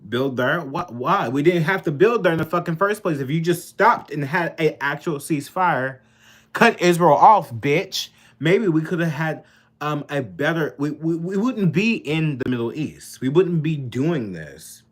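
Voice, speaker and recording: A man's voice: fairly high pitch, expressive, unhurried. A man giving unscripted political commentary on his own channel, ranting heatedly with profanity, repeating himself and using fillers. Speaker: political vlogger.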